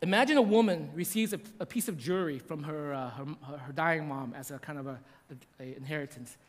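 High-voiced preacher in a reverberant hall. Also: male voice, quick pace. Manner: storytelling with frequent repetitions and "right?". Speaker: pastor. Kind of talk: sermon.

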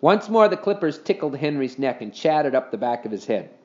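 A man's voice: mid-range voice, very animated, a little fast. A man reading a children's storybook aloud expressively, in a dull lo-fi recording.

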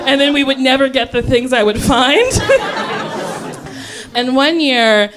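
A woman's voice: high-pitched, measured pace, a crowd in the background, background noise. A young adult woman telling a funny story on a podcast, chatty and giggly, full of "like", acting out the people in it.

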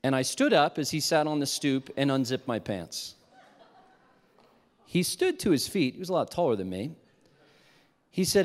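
Man, preacher, sermon storytelling, self-mocking, very expressive intonation, echoing hall. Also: mid-range voice, normal speed, pauses often. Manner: animated, self-mocking storyteller who drops to a hushed tone for reflection. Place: large hall with a live audience. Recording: long hall reverb.

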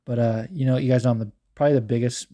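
Talking very fast at medium pitch, a podcast host recaps fights in loose, casual conversation. He's profane and animated, a little hungover, wandering off into asides and packing in fillers.

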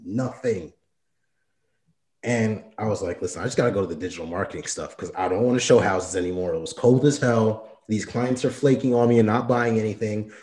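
A man's voice: lowish voice, dark tone, echoey room. A young man telling his own story in casual, slangy talk, often acting out what others said.

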